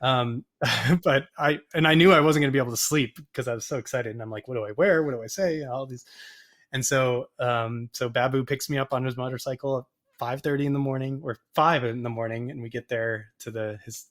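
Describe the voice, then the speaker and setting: Animated storytelling man on a call. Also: medium pitch, brisk. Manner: animated, rambling, acts out quoted voices. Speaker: photographer and podcast guest. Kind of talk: casual storytelling interview.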